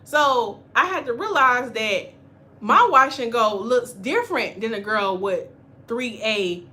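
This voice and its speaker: A woman hair stylist hosting a casual spoken class on hair care, talking in an animated, chatty way and acting out the voices of people she quotes. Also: on the high side, slow pace. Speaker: natural hair stylist and channel host.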